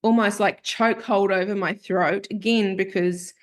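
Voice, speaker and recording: Her pitch sits in the middle and her intonation stays fairly even as she talks at a normal speed. A therapist who hosts a podcast, she shares confessional stories frankly, dramatizing remembered quotes along the way.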